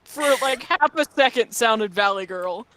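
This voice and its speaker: A woman's voice: on the high side, expressive, a little slow, a crowd in the background. A woman chatting casually on a stream in a playful, teasing, giggly way. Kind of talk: casual chat.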